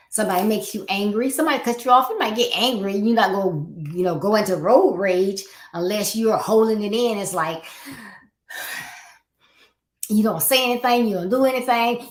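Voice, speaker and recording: A woman hosting a podcast, giving an earnest, conversational motivational talk on parenting and asking rhetorical questions. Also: mid-range voice. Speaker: podcast host. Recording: roomy echo.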